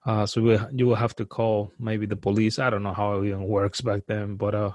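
A man who grew up outside the US, earnestly recounting a frightening personal experience as a guest, in a halting way that repeats words and restarts. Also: on the low side, completely flat delivery, darkish tone, no echo. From outside the US, now lives in the US. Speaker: guest telling a personal story.

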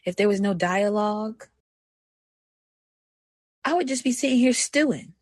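A young woman hosting a personal podcast, talking candidly. She moves between soft reflection and animated self-talk. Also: mid-range voice, a little slow, slight background noise. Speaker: podcast host.

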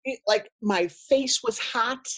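A woman guest on a podcast interview, telling a story in an animated way and acting out what people said. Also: on the high side, slow. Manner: animated storyteller, acts out quotes. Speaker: guest, nonprofit co-founder.

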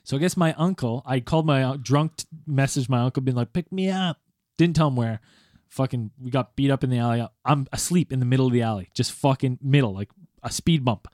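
A man's voice: mid-range voice, fast, a little mellow, dry recording, studio quality. A man in his thirties in casual chat, telling rambling, profane stories about nights out.

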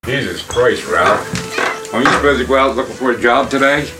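A man playing an angry, threatening father who barks orders in a gruff, bullying manner. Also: medium pitch, animated, normal speed, natural voice. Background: music.

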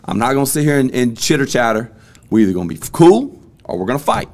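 A man's voice: medium pitch, very animated, fast talker, a little mellow. A man, hosting a casual podcast and telling a story bluntly. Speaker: podcast host.

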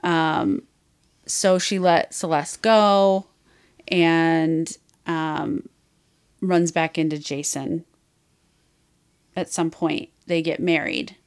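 A woman's voice: low-pitched, fairly even intonation, very slow, pauses often, clean tone. A woman podcast host in casual chat, retelling a story in a frank, rambling way with many fillers.

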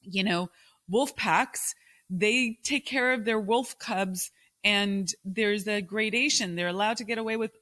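A woman talks through her ideas on her own podcast in a loose, conversational way, often checking in with the listener with a quick "right?". Her voice sits at an ordinary middle pitch. The sound is close and dry, with no room echo. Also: pushed and bright. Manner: conversational, thinking aloud, often adds "right?". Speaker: podcast host. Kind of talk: casual solo podcast monologue.

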